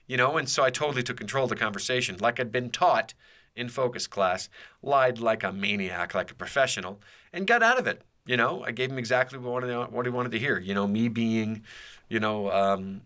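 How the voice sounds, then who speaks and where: Rambling man with a bright, low voice. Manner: rambling, hesitant, many fillers and restarts. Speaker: podcast host. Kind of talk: casual personal storytelling.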